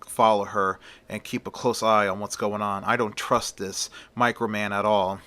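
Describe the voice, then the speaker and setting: A man's voice: lowish voice, level tone, normal speed, bright, forceful tone, pitched below the performer's own voice. A man voicing a heroic strongman who speaks earnestly and steadily.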